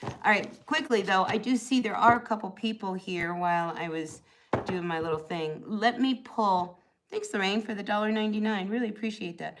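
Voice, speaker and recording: A woman's voice: medium pitch, moderate pace, a little hiss or hum, low-quality recording. A middle-aged woman hosting a live tarot stream, chatting casually and reassuringly with plenty of fillers.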